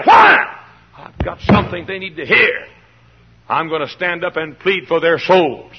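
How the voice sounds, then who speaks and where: A man preaching a fiery sermon in a church, swinging from hushed pleading to shouting. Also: on the high side, a little hiss or hum. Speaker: pastor. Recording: dull lo-fi old sermon recording.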